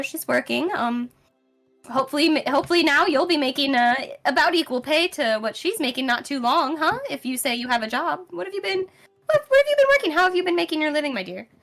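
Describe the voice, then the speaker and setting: A woman's voice: high voice, a bit bright, pitched above the performer's own voice. A woman doing a gushing, snobbish noble mother. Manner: gushing, backhanded and condescending. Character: proud doting noble mother, middle-aged woman.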